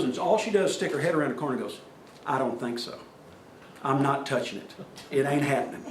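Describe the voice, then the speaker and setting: A middle-aged man, telling plain-spoken, folksy stories to a safety meeting crowd. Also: on the high side. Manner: folksy, plain-spoken, acts out quoted voices. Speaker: speaker at a workplace safety meeting. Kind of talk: storytelling talk to an audience. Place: meeting room. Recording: echoey room from far off, faint noise.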